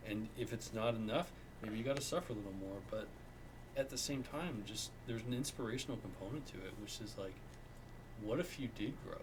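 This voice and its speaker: Reflective male co-host with a lowish voice, coaching tone, clear background noise. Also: brisk. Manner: reflective, coaching, speaks in acted-out inner dialogue. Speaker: podcast co-host. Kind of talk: casual conversation.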